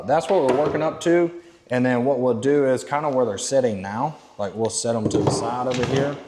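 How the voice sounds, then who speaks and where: A man working as a dog trainer, explaining steps plainly and giving short, quiet commands to a dog indoors. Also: on the low side, in a large hall, background noise. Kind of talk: instructional training demo.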